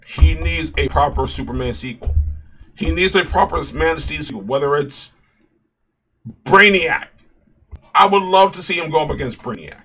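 Running his own video channel, a man gives casual, passionate commentary on superhero films, animated and often restarting or repeating phrases. His voice is on the high side, a little fast, and slightly rough.

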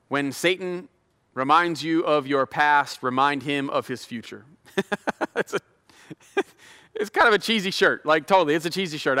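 A man's voice: high voice, pushed and bright, smooth. A middle-aged male pastor giving a sermon, chatty and self-deprecating, building into fervent prayer. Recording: long hall reverb.

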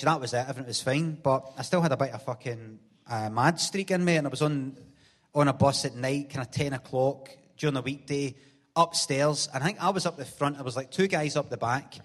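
A Glaswegian man, the guest on a live theatre stage show, telling sweary stories with laughs and acting out voices. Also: a little high. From Glasgow, Scotland. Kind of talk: live stage interview, storytelling.

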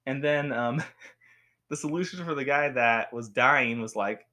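A young man reviewing a show at home in a rambling, animated way, with frequent restarts. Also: medium pitch, measured pace. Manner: rambling, animated, with many restarts and acted quotes. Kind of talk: casual talk to camera. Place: home with a cat.

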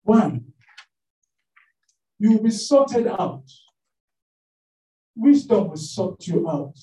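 A man preaching a sermon in a church hall, telling stories in an animated way with many fillers. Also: sits high, extremely slow. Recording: echoey room, mic at a distance.

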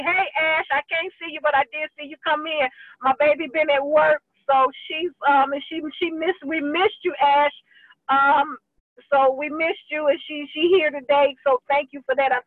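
A woman's voice: high voice, normal speed, no echo. A woman ministry leader giving a fervent, emotional online church address to her group, talking folksy and direct. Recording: dry, tinny phone-like line.

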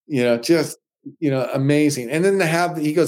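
A man's voice: on the high side, moderate pace. Middle-aged man telling stunt stories. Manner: animated anecdotes with quoted voices. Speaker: stuntman guest. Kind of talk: casual interview storytelling.

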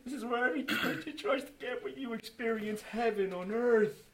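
With an extremely high pitch and a normal pace, a man recounts his testimony to fellow church members. He is moved and sincere, starting over again and again and quoting both himself and other people as he goes.

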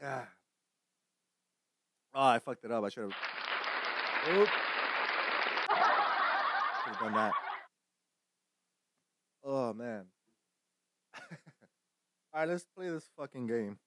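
A man chatting casually while streaming a game, rambling and swearing, bursting now and then into loud shouted insults. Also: medium pitch, animated, drawn-out words, pauses often, no room sound, some chatter behind. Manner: profane, rambling, laughs at own jokes.

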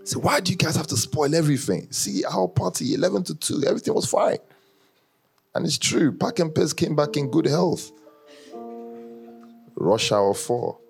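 Male church leader with an African accent, mid-pitched and gravelly, animated and teasing with the room, faint music underneath. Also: moderate pace, long pauses. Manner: animated, teasing, often laughing, chats with the audience. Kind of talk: casual joking talk to a congregation.

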